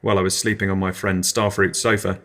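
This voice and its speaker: Fairly low mild british-ish guy... no, just a low mild hesitant guy doing a dry absurdist comedy podcast. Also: flat delivery, brisk, sharp tone. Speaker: podcast host.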